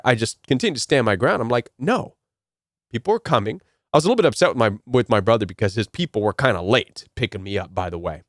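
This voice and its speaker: A man's voice: fairly high pitch, no echo, clean studio sound. A man giving a motivational talk, telling a personal story earnestly and often repeating key phrases. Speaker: self-help speaker.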